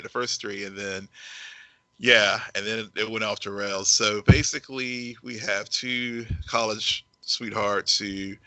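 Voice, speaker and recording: A man co-hosting a podcast, talking casually with halting repeats while summing up a show. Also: lowish voice, bright, forceful tone, no echo, low-quality recording. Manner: halting, repeats words, summarizes plots. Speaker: podcast producer and co-host. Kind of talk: casual review chat.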